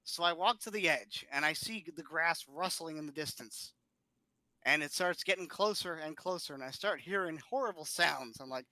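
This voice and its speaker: A man on a podcast, telling a funny story in a lively way and laughing often. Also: fairly high pitch, moderate pace, no room sound. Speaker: podcast co-host. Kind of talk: casual storytelling chat.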